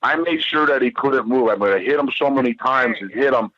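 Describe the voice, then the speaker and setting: A man's voice: medium pitch, brisk, dry recording. A man guest telling a long story in a profane, rambling, emphatic way. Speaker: podcast guest. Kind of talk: animated storytelling. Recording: dull lo-fi dry sound.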